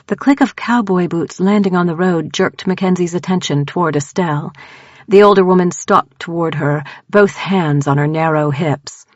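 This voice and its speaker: A woman narrating a horror audiobook in a measured, unhurried way. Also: fairly low pitch, no echo. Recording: dull, dry close-mic audiobook recording.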